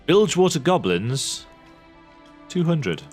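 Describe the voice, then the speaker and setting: A man's voice: on the high side, big pitch swings, slow, a little mellow, soft background music. A man chatting his way through a video game, thinking aloud and reading game text as he plays. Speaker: video game let's-player. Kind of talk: casual gameplay commentary.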